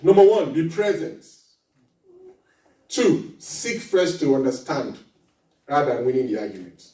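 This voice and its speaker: A man giving a lively marriage seminar talk, laughing often and acting out little dialogues as he teaches. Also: fairly high pitch, a little slow. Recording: echoey hall recording from far off.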